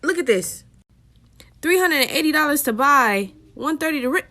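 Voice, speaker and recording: A woman's voice: high voice, animated, moderate pace, sharp tone. A woman ranting to her phone camera, sassy and exasperated. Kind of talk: casual rant.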